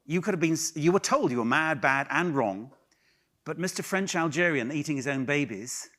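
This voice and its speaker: A man from England leads an improv workshop before a live audience, playfully teasing his volunteers. His voice is bright and fairly high, and it swings widely in pitch as he jokes and explains. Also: animated, normal speed. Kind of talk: lively workshop talk. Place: conference hall with a live audience.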